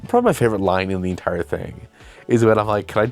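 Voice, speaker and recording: A young man with a deep, low voice tells a loose, rambling story straight to camera. He is self-deprecating and often acts out what people said. Soft music plays faintly underneath. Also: very animated, fast talker. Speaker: video host and filmmaker.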